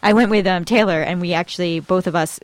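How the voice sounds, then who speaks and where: Chatty young woman, slightly low voice. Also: steady tone, fast, crowd noise. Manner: chatty, laughing, trailing off mid-sentence. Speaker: podcast co-host. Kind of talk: casual chat.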